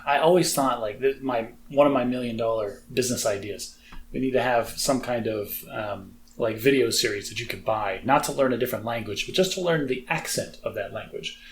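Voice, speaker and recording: An American man co-hosts a podcast, chatting casually in a mid-range voice at a fairly quick clip. He's self-deprecating and uses plenty of fillers, with slight background noise behind him.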